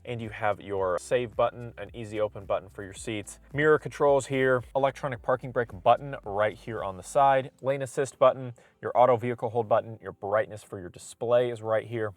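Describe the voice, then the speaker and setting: A man's voice: on the low side, no room sound. A man casually walking through a car's features as a reviewer, listing each detail in a conversational way. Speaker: car reviewer. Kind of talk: casual product walkthrough. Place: in and around a car.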